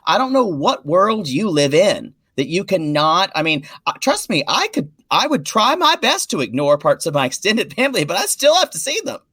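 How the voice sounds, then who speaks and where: A man's voice: high-pitched, very animated, bright, forceful tone, breathy edge, no room sound, studio quality. Catty man co-hosting a podcast. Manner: chatty and catty, quick asides. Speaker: podcast co-host. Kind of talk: casual podcast chat.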